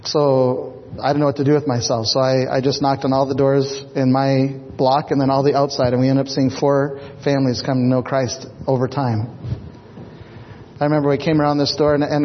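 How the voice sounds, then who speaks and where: A middle-aged man, a pastor, telling a personal story in a sermon, animated and acting out the voices of the people he quotes. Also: mid-range voice. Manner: animated, acts out quoted voices, repeats words. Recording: dull echoey hall recording.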